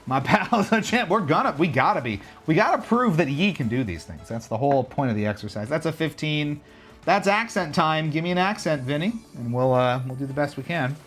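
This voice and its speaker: A man's voice: fairly high pitch, expressive, a little fast, fairly bright tone, faint music behind. A man chatting casually to his viewers while playing a racing game on a livestream, rambling and talking straight to chat. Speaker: streamer. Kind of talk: casual livestream gaming commentary.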